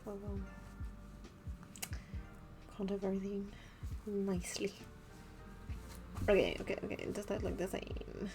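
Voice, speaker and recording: A woman's voice: mid-range voice, flat delivery, a little slow, pauses often, over music. A young woman streaming while she crafts, chatting casually, giggling often and hesitating with many restarts.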